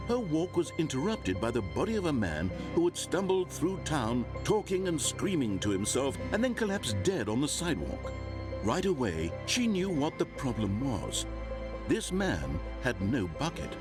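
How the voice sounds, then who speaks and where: A man's voice: mid-range voice, huge pitch swings, moderate pace. An actor voicing a wry, meddling male narrator in a video game, telling the story in a dry, mock-grave manner. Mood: dry storytelling. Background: game music.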